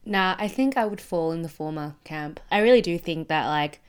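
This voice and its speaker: A woman with a somewhat low, smooth, clear voice reasons through her point on a podcast. She keeps a relaxed flow, padded with "you know" and "like" as she thinks. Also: normal speed. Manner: reflective, filler-heavy with many "you know" and "like". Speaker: podcast co-host. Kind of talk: casual discussion.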